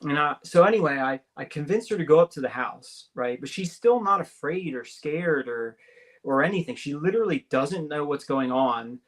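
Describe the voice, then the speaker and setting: Telling his abduction story as a talk radio guest, a man speaks at normal speed in a somewhat high voice through a call-in or studio mic. His excited delivery is full of fillers and tag questions, and he jumps higher in pitch to act out quoted voices.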